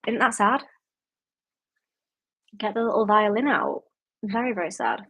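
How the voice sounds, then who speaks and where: Woman, Yorkshire accent, young adult, casual livestream chat, rambling, reads out comments, medium pitch. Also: unhurried, pushed and bright. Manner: chatty, reads viewer comments aloud and answers them. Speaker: booktube host.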